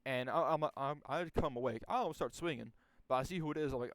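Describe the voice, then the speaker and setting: A man's voice: mid-range voice, fast, few pauses, no echo. Rambling young man telling a story. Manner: rambling, profane, many restarts and fillers. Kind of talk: casual storytelling.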